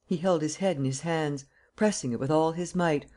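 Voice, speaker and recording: A man with a slightly high voice narrates a classic novel as an audiobook. His scripted reading is steady and measured.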